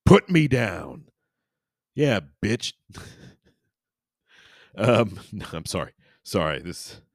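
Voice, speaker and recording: A man's voice: sits low, dry recording, studio quality. A man hosting a podcast, reading aloud and chatting in a rambling, jokey way with many restarts and crude asides. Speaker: podcast host. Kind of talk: casual chat and reading aloud.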